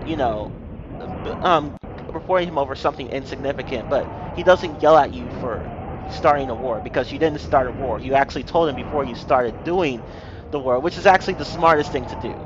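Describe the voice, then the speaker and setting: A man's voice: on the high side, moderate pace. A man streaming himself reading a text war game aloud, joking and swearing between passages, on a muffled noisy recording. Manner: jokey, animated, swears, reads narration aloud. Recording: muffled lo-fi with loud hiss.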